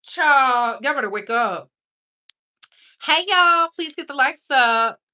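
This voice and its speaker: Sassy, bright-voiced woman gossip host. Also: high voice, slow pace. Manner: sassy, animated, talks straight to viewers. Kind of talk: casual gossip commentary to a live chat.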